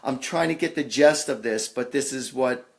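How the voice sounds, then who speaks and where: A man hosting a live psychic reading, talking in a halting, reassuring way with lots of ums and uhs. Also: medium pitch, creaky. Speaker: psychic medium host. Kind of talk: live online reading session.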